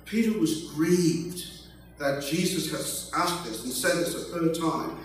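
Older guy preaching slow, bit high voice, big echoey hall, mic far off. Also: a little hiss or hum. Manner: slow, emphatic, joking asides. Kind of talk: sermon.

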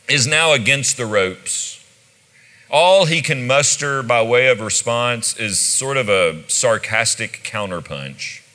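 A man preaching a sermon as pastor, telling the story with animated delivery and acting out the quoted lines. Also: mid-range voice. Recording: long hall reverb.

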